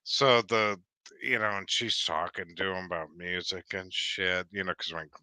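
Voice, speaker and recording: A man's voice: deep voice, normal speed, pushed and bright, dry recording. A man telling a long, rambling anecdote in casual chat, swearing freely and restarting his sentences. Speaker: guest.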